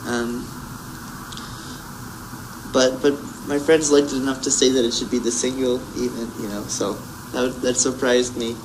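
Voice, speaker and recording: A young man talks loosely as a guest, full of fillers and little laughs. His pitch sits in an ordinary middle range. Faint hiss runs under the recording. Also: little pitch movement, moderate pace. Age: young adult. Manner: rambling, many fillers, laughs often. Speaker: musician guest. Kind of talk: casual interview chat.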